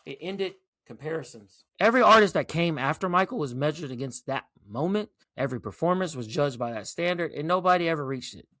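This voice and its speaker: A man's voice: a little high, animated, fairly quick, hardly any pauses, pushed and bright, no room sound, studio quality. A man in his forties hosting a casual commentary monologue, emphatic and profane, often tagging points with "right?". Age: 40s. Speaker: host.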